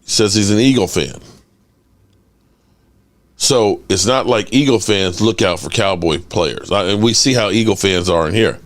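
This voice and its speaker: A man hosting a casual sports fan livestream. He reads chat aloud and rants with animated energy. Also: on the low side, moderate pace. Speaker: host of a sports fan channel.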